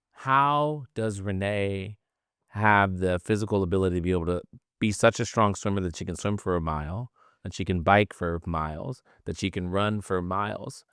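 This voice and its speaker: A man's voice: fairly low pitch, normal speed, a bit bright, smooth, dry recording, studio quality. A man hosting a health podcast, asking long, rambling questions in a casual interview. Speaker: podcast host.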